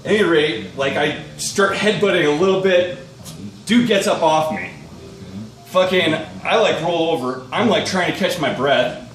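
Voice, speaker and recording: A young man with a fairly high voice tells a rowdy story in casual, profane bursts and laughs between lines. He sits some distance from the mic in an echoey room with a faint hiss underneath. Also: moderate pace, fairly bright tone. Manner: profane, rambling, laughs through his story. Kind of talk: casual personal anecdote.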